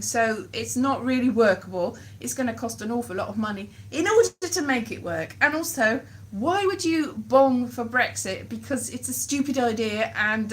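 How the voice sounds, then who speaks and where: A woman with a slightly high, bright, forceful voice talks loosely and wryly, drifting from topic to topic. She sounds like she is speaking into a phone held at arm's length during a casual live stream. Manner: rambling, wry, self-deprecating. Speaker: vlogger.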